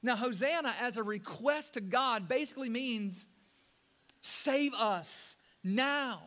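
A man preaching with a very high-pitched voice. He talks to the congregation casually, dropping to near-quiet and then rising to loud, fervent peaks. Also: lively intonation, takes it slowly. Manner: preaching with sudden loud rises and soft drops; conversational, addresses listeners as guys. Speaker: pastor. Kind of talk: sermon.

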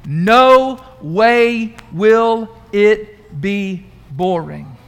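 Male preacher, high voice, chatty and animated, quizzing his congregation. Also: extremely slow, creaky, clear, resonant tone. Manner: conversational, animated, asks the congregation questions. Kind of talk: sermon. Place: church room.

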